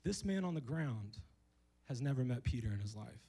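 A man's voice: medium pitch, big pitch swings, normal speed, gravelly, warm tone, husky, low-quality recording. A man preaching as a guest speaker in a church, talking in a loose, joking way and acting out the people in the story he tells. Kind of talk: sermon. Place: church hall with a congregation.

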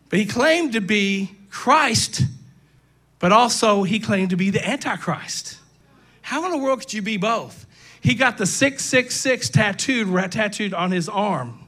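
High, bright-voiced preaching pastor. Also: male voice. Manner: emphatic preaching with sudden shouts and asides to the congregation. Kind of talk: sermon. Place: church sanctuary.

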